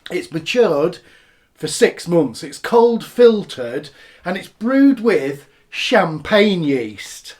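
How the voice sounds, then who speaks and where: Man, casual tasting review, animated pitch, rambling and chatty. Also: drawn-out words. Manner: chatty, rambling, savoring each sip. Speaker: beer reviewer.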